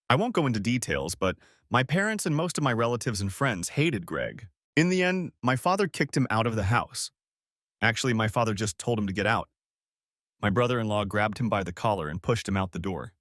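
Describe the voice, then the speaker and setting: Lively male audiobook narrator, dry sound. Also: on the low side, no echo. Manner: reads a first-person story in an even storytelling tone. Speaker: story narrator.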